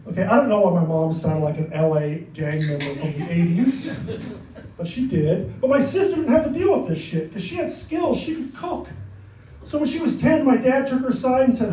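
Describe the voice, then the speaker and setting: A middle-aged man performing a stand-up comedy set on a club stage, telling dark stories in a deadpan way with asides to the crowd. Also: sits high, fairly quick, roomy sound, distant mic, a little hiss or hum, poor audio.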